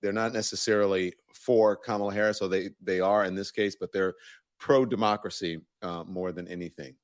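A man's voice: sits low, fairly even intonation, fairly quick, no room sound. A man hosting a news talk interview, speaking in a loose, conversational way. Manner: conversational, loose, restarts sentences. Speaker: host.

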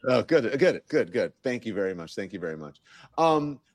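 A man's voice: on the low side, very animated, normal speed, no room sound. A man hosting a news talk interview, speaking in a loose, conversational way. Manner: conversational, loose, restarts sentences. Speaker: host.

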